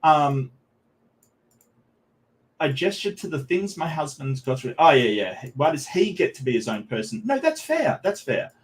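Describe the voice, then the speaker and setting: A man's voice: on the high side, animated, a little slow, long pauses, slightly rough. A man hosting a live stream, reading posts aloud and chatting with viewers in a rambling way, with many ums and restarts. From Australia. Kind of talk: casual live-stream commentary.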